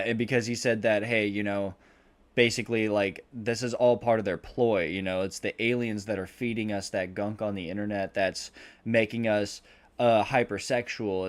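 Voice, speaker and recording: A man on a podcast rambling through a film plot, swearing freely and acting out the characters' lines. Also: on the low side. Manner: rambling, swears a lot, acts out quotes. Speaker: podcast host. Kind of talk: casual movie recap.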